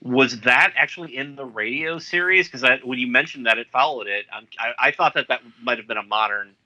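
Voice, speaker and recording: A man co-hosting a podcast in casual chat, thoughtful and a little halting as he builds his points. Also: medium pitch, bright, forceful tone, highs cut off. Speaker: podcast co-host.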